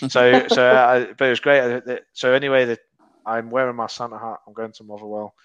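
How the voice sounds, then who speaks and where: A man's voice: mid-range voice, moderate pace, smooth, dry recording. A Scottish man co-hosting a football podcast, chatting casually and acting out quoted dialogue in his stories. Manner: animated storyteller, acts out quoted dialogue. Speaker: podcast co-host. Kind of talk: casual chat.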